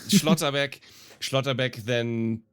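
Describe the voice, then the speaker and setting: A man's voice: medium pitch, slow pace, clear, resonant tone. A man co-hosting a football podcast, giving thoughtful analysis with plenty of ums and restarts. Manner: thoughtful, analytical, many fillers. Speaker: podcast co-host. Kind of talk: casual football analysis chat.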